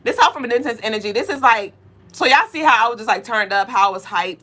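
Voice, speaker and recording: A woman's voice: a little high, quick pace. A woman hosting a casual live-stream tarot reading, chatty, slangy and cursing freely. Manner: loud, excitable and profane, bursting into laughing shouts; chatty and slangy, cursing freely while she reads cards.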